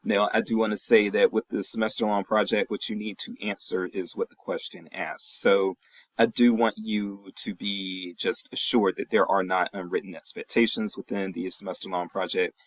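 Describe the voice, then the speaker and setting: A man who is a professor giving a recorded weekly check-in lecture to his class, in a relaxed, reassuring, chatty way with many fillers. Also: on the low side, normal speed, no room sound, rough recording.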